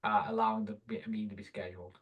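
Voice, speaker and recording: Relaxed man hosting a video-call Q&A. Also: lowish voice, rapid-fire, dull audio. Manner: relaxed, laughs often, uses fillers. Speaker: webinar host, product support. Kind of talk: casual live Q&A.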